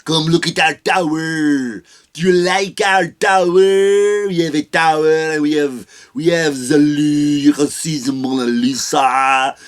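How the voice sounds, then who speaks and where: A man's voice: a little high, steady tone, lightly acted. An Irish man mocking a smug boastful Frenchman. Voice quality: drawn-out mocking delivery. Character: smug boastful Frenchman showing off his country.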